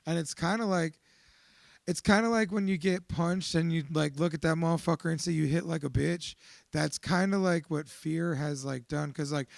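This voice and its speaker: A man giving a raw, profane, confessional account of his fears, swinging between quiet reflection and shouting. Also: fairly high pitch, vocal fry, dry recording. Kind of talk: emotional personal testimony.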